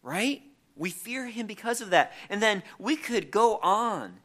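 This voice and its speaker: Bright-voiced man preaching a sermon. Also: high-pitched, animated, unhurried. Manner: earnest, repeats words when restarting, reads scripture aloud.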